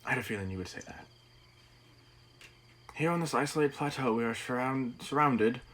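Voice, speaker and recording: A man's voice: mid-range voice, lively intonation, normal speed, a bit bright, a little hiss or hum, natural voice, poor audio. A man voicing a mysterious old man from a game, reading the dialogue aloud in a put-on accent. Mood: sly.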